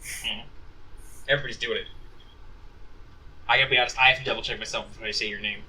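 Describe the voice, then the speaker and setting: A man's voice: mid-range voice, steady tone, quick pace, bright, forceful tone, breathy edge, rough recording. A man running a tabletop role-playing game as game master, narrating in a rambling way full of asides. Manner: rambling, many ums and asides.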